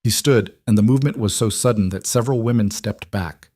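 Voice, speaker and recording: A man narrating a fantasy romance story in a steady, scripted reading. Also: fairly low pitch, fairly quick, dry recording, studio quality.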